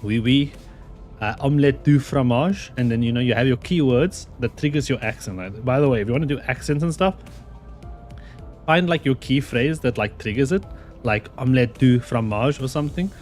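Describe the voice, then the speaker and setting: A man's voice: mid-range voice, fairly quick. Chatty male streamer, rambles a lot and laughs, faint music behind. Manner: excitable, rambling, laughs often. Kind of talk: casual gameplay commentary.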